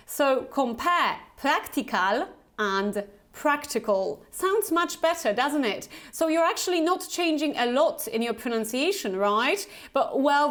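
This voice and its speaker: Slow, careful woman teaching pronunciation. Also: high-pitched, a bit bright. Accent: light Polish. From Poland. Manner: slow, deliberate modelling of words, repeating each twice. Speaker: Business English pronunciation trainer. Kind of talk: pronunciation lesson with repeat-after-me drills.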